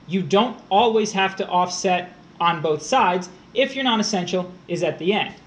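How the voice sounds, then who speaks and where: A man's voice: sits high, normal speed. A man tutoring test prep on a live stream, explaining grammar step by step while answering his chat.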